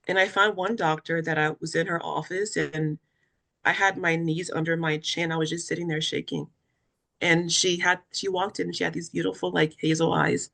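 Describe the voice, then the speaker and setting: Gravelly, bright-toned woman telling her story. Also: fairly low pitch, little pitch movement, moderate pace. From West Africa. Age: young adult. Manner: earnest, emotional storytelling, acts out what others said. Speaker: cancer survivor and patient advocate. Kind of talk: personal story in a webinar interview.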